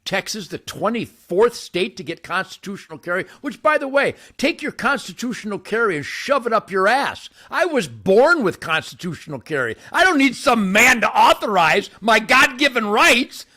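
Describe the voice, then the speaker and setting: An older man hosting his own show, ranting boastfully to camera by a campfire outdoors, with wild swings between shouting and muttering. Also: sing-song, moderate pace, hardly any pauses. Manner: brash, boastful, loud swings in pitch and volume.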